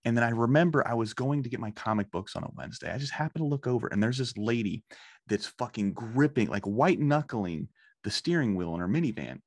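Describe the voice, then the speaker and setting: A man in his thirties hosting a podcast, telling stories in a casual, profane, animated way. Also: medium pitch, brisk, dry recording, clean studio sound. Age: 30s. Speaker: podcast host. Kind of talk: casual chat.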